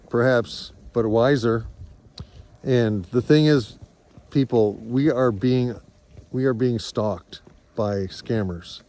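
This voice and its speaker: Man, mid-pitched, farm vlogger; candid, meandering, sincere storytelling to camera. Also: darkish tone. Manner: rambling, earnest, reflective. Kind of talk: candid personal vlog.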